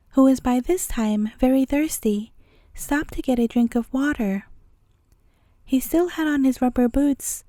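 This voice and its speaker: A woman reading a bedtime story aloud in a gentle, even storytelling manner. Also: high-pitched, no room sound.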